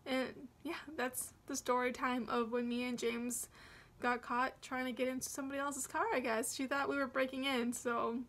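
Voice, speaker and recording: A woman's voice: high-pitched, flat delivery, normal speed, fairly bright tone. A young woman vlogger telling a storytime in a chatty, rambling way, full of restarts. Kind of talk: storytime vlog narration.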